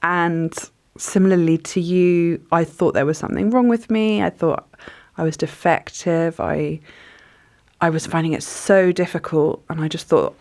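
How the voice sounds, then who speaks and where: A woman's voice: lowish voice, unhurried, darkish tone. A woman, speaking as an author guest in a reflective, thoughtful way with frequent hesitations. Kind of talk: conversational interview.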